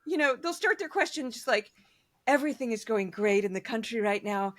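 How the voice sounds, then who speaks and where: A high-pitched woman in casual conversation about politics. She talks in an animated way, slips into mocking voices when she quotes someone, and laughs often. She sounds middle-aged. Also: a little fast. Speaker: political commentator, guest.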